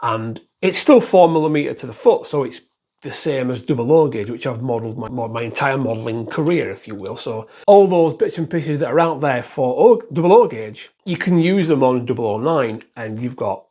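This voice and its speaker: A man's voice: medium pitch, lively intonation, normal speed, dark tone. A man chatting casually to camera about his hobby, rambling and self-deprecating. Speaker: model railway YouTuber.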